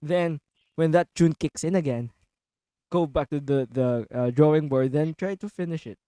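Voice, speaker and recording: A man's voice: fairly high pitch, normal speed, warm tone, clear, resonant tone, no echo, studio quality. A man hosting a podcast interview who asks long, easygoing, rambling questions. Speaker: podcast host. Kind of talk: interview conversation.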